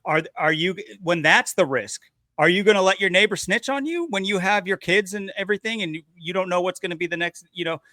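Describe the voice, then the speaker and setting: A man's voice: sits high, a little fast, pushed and bright, no room sound, studio quality. A man co-hosting a podcast in casual chat, talking intensely and building an argument. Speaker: podcast co-host.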